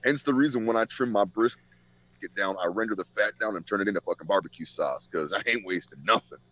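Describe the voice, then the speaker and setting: Here a fast-talking man with a lowish, slightly bright voice chats casually on a podcast, recorded in dull, dry lo-fi sound. His stories are profane, and he performs the characters' quotes as he goes.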